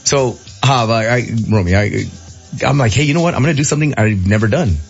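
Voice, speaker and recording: A husky man in his thirties tells a story on a talk show, his pitch swinging widely as he laughs and squeals out the voices of others. The sound is a bit dull, with faint music underneath. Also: a little fast. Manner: animated, laughing, acts out quotes in a high squeal. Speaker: radio show host. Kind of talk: casual storytelling chat.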